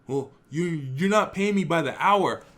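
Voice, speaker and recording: A man mimicking a condescending older man selling computers, smug and dismissive in a bright, forceful voice. He talks down to the listener like he's the expert. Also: fairly high pitch, expressive, moderate pace, voice pushed up.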